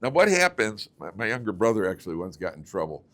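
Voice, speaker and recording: A man, a rabbi teaching a class, telling stories with lively, repetitive delivery and acting out both sides of arguments. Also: lowish voice, fast talker. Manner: animated, repeats words, acts out both sides of arguments. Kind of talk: lively storytelling lecture.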